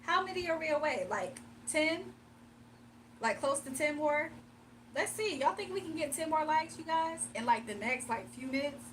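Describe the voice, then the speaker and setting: High-voiced woman chatting on a livestream. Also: lively intonation, moderate pace, fairly bright tone. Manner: chatty, laughs often, talks straight to chat. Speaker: livestream host. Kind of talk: casual livestream chat with viewers. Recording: a bit distant from the mic, faint hum.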